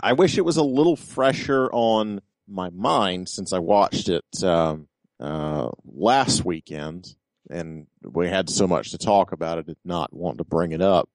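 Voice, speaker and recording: A man co-hosting a podcast, explaining something casually and haltingly with many pauses. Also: deep voice, no echo. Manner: halting, lots of ums and uhs while explaining. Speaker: podcast co-host. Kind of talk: casual chat.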